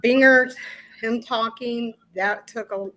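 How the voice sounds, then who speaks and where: A middle-aged woman giving an emotional personal account as an interview guest, halting and repeating herself with nervous laughs. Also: fairly high pitch, fairly even intonation, pushed and bright, poor audio.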